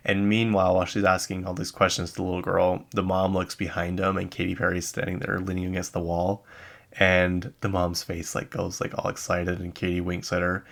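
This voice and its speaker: Man, podcast host, casual chat, deep, gravelly, rambling, self-correcting. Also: completely flat delivery, fairly quick, a bit bright. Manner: chatty and rambling, with many asides and self-corrections. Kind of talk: casual chat about pop music news. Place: lives in Utah.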